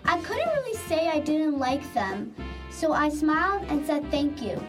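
A woman reads a short personal story in a simple, lively way. Her voice is high and swings widely. She sounds far from the mic, with loud music behind her. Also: measured pace. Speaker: narrator. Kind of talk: reading a personal story aloud.

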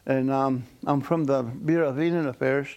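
A man's voice: mid-range voice, steady tone, normal speed, a little mellow, clean tone, muffled recording, close to an everyday voice. A man voicing a self-important woman government official in a story, insistent and officious.

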